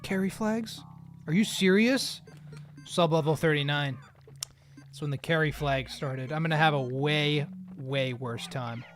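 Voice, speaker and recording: A man's voice: on the high side, unhurried, soft background music. A man chatting casually while live streaming a game, rambling and joking at his own expense. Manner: rambling, joking, often laughing at himself.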